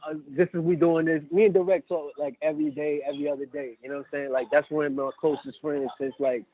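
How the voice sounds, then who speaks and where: A man who is a guest on a podcast, telling stories in casual chat and acting out quotes with lively energy. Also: fairly high pitch, fast talker, a little hiss or hum. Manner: animated storyteller, acts out quotes. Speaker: guest, battle rap event host. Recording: tinny phone-like line.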